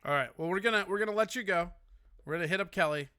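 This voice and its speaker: A man's voice: high voice, rapid-fire, sharp tone, clear, resonant tone, dry recording, clean studio sound. A man hosting a casual call-in show, teasing and joking with his guest. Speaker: host.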